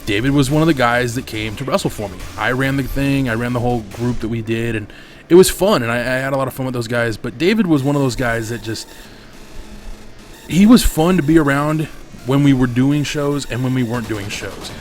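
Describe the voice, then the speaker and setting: Gaming host, man, mid-pitched, tells rambling candid stories with plenty of swearing, home desk mic. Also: fairly quick, soft background music. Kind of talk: casual storytelling over gameplay.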